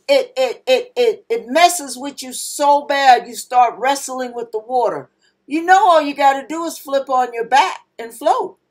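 A woman pastor preaching a sermon in an emphatic manner, acting out panicked cries now and then. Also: high voice.

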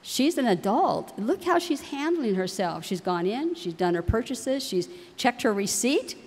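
A woman's voice: on the high side, sing-song, a little slow. Middle-aged woman, storytelling speech, laughs often, long hall reverb. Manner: warm anecdotal delivery with laughs. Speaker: university president's wife speaking to families.

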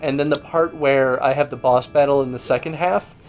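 A man's voice: mid-range voice, fairly even intonation, a little fast, a little mellow, soft background music. A man co-hosting a let's play, musing at length and critiquing his own work. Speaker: co-host game developer.

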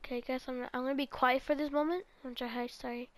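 A woman's voice: sits high, steady tone, fast talker, a bit bright, a little hiss or hum. A teenage girl giving casual, rambling gameplay commentary and talking straight to her viewers. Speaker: gaming video creator.

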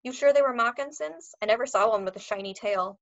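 A man's voice: extremely high pitch, quick pace, a bit bright, muffled recording. A woman voicing a shrugging, matter-of-fact reptile wrangler in a storybook reading. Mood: offhand. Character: unbothered reptile wrangler man.

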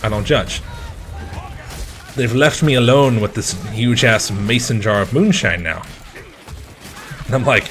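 A man playing a video game and commenting as he plays, swearing and shouting at the game, then rambling through a story. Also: mid-range voice, unhurried, pauses often, faint music behind. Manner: profane, excitable outbursts at the game; chatty, rambling anecdotes. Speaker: gamer.

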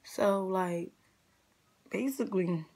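A woman's voice: mid-range voice, slow pace, a little mellow. A young adult woman vlogger telling a casual storytime rant, blunt, profane and exasperated, full of slang.

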